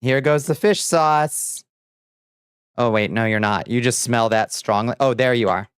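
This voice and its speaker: A man's voice: medium pitch, unhurried, clear, resonant tone, no room sound. A man streaming casually, playful and theatrical as he chats with viewers while mixing ingredients. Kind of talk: casual livestream chat.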